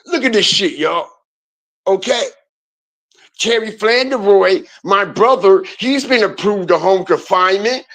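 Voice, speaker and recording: A man with a high voice rants to his viewers in a slow, drawn-out delivery. He swears freely and mocks the people he talks about, and he keeps tagging "all right" and "y'all" onto his lines. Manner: loud, profane, mocking, repeats "all right" and "y'all". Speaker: commentary channel host. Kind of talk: profane rant commentary.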